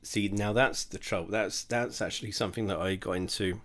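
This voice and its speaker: A tipsy young man talks his way through a drinks tasting in a low voice. He rambles and swears freely, and mocks his own efforts as he sips. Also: steady tone, fairly quick, background noise. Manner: rambling, sweary, self-mocking. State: drunk. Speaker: host of a drinks tasting video. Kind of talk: casual tipsy tasting monologue.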